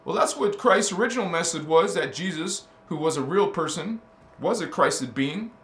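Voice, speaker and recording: A man preaching as a spiritual teacher, his slightly high voice ringing out in a reverberant room. He talks fervently and needles his audience with one rhetorical question after another. He often stammers and restarts mid-phrase. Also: expressive, normal speed, fairly bright tone. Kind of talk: preaching monologue. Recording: roomy echo.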